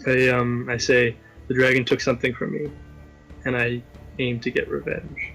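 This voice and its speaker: A man playing a tabletop game, speaking hesitantly and pausing with um and uh. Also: medium pitch, flat delivery, creaky, fairly bright tone, slightly rough, soft background music, low-quality recording. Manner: hesitant, fills pauses with um and uh. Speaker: player. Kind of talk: casual chat while playing a tabletop game.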